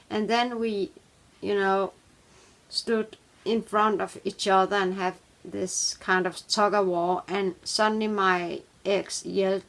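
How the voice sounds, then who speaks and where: Woman narrating a personal true story, slow and halting, with a gravelly edge. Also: medium pitch, fairly bright tone. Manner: halting, with pauses and fillers. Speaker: vlogger telling a true story.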